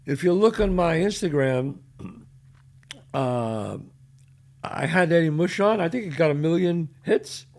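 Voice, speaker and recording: Gravelly New York storyteller, older man. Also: on the high side, takes it slowly, long pauses. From the Bronx, New York. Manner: animated, loud when quoting, trails off quietly. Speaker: podcast host. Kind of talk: casual storytelling.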